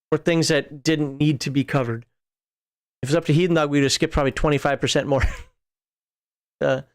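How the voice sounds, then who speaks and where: A man hosting a show, reading rules aloud and wandering off into chatty asides. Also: on the high side. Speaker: podcast host. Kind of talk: casual rules walkthrough.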